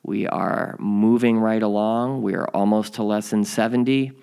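A man hosting a podcast, reading a spiritual lesson aloud in a calm, measured way and adding his own comments. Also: on the low side, gravelly, smooth. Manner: calm, measured reading that slows on key phrases. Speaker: podcast host.

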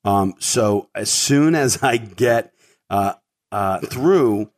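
A middle-aged man with a fairly low voice hosts his own show and tells a story in a loose, rambling way. He fills his talk with ums and repeated words. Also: lively intonation, drawn-out words. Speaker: podcast host. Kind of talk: casual storytelling monologue.

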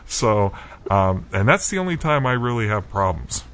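A man's voice: fairly low pitch, big pitch swings, moderate pace, noisy background. A man co-hosting a podcast, talking casually with many restarts and fillers. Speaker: podcast co-host. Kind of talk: casual chat.

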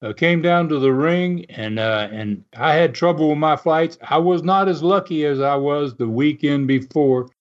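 A man casually telling an animated, folksy story and chuckling often as he goes. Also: a little high, moderate pace, hardly any pauses. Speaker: storyteller recalling wrestling TV. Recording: dull lo-fi sound.

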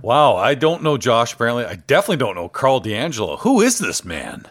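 A man's voice: medium pitch, wildly swooping pitch, brisk, a bit bright. A man in his fifties hosting a podcast interview, bantering like a stand-up comedian and laughing easily. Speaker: podcast host.

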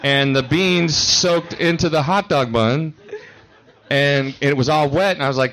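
Male voice actor, panel guest, self-deprecating and rambling, average pitch. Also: moderate pace, fairly bright tone. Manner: self-mocking, rambling storyteller. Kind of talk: joking panel banter. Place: convention hall panel.

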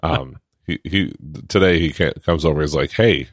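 Deep-voiced sarcastic man chatting casually. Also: moderate pace, no room sound, clean studio sound. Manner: sarcastic, joking, laughs often. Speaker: podcast co-host. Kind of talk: casual chat.

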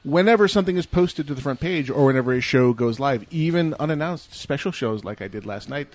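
A man's voice: mid-range voice, animated, fairly quick, a little mellow, no echo. Dry-sounding playful male podcast host. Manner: playful, laughing, mock-grand outro patter. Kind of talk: casual podcast chat.

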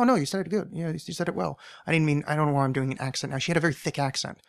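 A man's voice: mid-range voice, fairly bright tone, no echo, studio quality. A man hosting a podcast alone, telling a rambling anecdote and often correcting himself as he goes. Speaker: podcast host. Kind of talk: casual solo storytelling.

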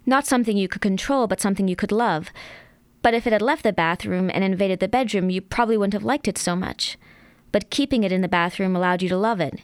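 A woman reading aloud from a novel, voicing a blunt adult woman friend who calmly lays down boundaries. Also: mid-range voice, fast, smooth, no room sound, lightly acted. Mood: matter-of-fact.

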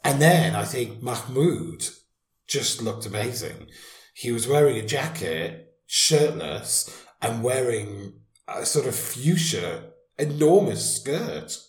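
A man in his fifties co-hosting a podcast in casual chat, wry and quick to laugh. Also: medium pitch, very animated. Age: 50s. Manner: chatty, wry, laughs often. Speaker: podcast co-host. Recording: echoey room.

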